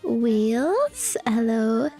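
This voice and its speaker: A high-pitched woman chats with her stream audience in a giggly, teasing way. She speaks at an unhurried pace, with faint music playing underneath. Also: sing-song, mellow. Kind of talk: casual live-stream chat.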